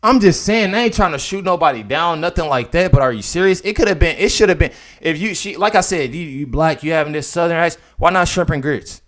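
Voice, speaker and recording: Fairly quick and with few pauses, a young man offers casual commentary on a video clip. He seems disbelieving, alternating between bursts of loudness and quiet muttering.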